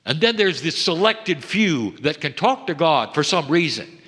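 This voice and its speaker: A man's voice: a little high, sing-song, slightly rough. Man channeling a spiritual message in a reverberant hall. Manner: measured, intimate delivery that sinks to hushed tones. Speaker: channeler addressing a seminar. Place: seminar hall.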